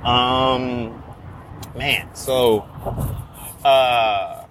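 A man's voice: medium pitch, fairly even intonation, extremely slow, background noise. A man in his twenties talking casually while driving, rambling and joking with constant profanity. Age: 20s. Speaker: vlogger. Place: in a car on city streets.

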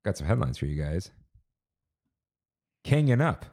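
A man with a fairly low voice co-hosts a laid-back podcast. He reads headlines aloud and breaks off into wry, incredulous asides. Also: big pitch swings, measured pace, over loud music. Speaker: podcast co-host. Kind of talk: casual chat and reading headlines.

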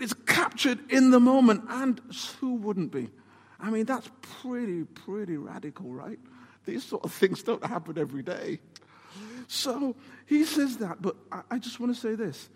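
A man with a high-pitched voice preaches with animated emphasis and asks his listeners rhetorical questions. His voice carries a long, echoing hall reverb. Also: normal speed, breathy edge. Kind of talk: sermon.

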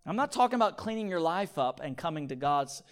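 A man preaching with a fairly high voice, calling out for amens from his listeners. He drops to near-whispers for key points, then rises into loud, repeated pleas as he acts out his illustrations. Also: sing-song, quick pace. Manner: swings from quiet, near-whispered points to loud, pleading repetition; call-and-response, asking the audience for amens. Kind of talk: sermon.

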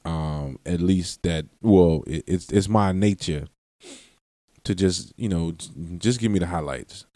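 Deep-voiced and unhurried, with a dark tone, this man hosts a solo podcast in a long-winded, rambling style, often cutting himself off, laughing, and cursing. It's clean studio sound with no room sound.

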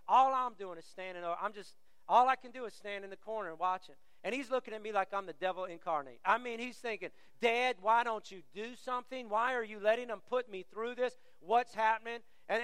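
Middle-aged male pastor, animated sermon delivery, crisp resonant tenor, long hall reverb. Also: sits high. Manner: animated storyteller, acts out quoted voices.

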